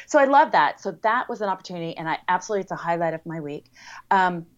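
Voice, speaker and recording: A woman's voice: fairly low pitch, expressive, quick pace. American woman, podcast guest, bubbly filler-heavy chat, slightly muffled remote recording. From United States. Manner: chatty, upbeat, many fillers. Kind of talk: casual interview chat.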